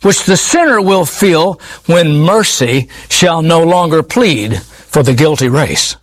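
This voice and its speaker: Guy preaching a sermon, pretty high voice for a man, earnest and pleading, keeps repeating words. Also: lively intonation, slow.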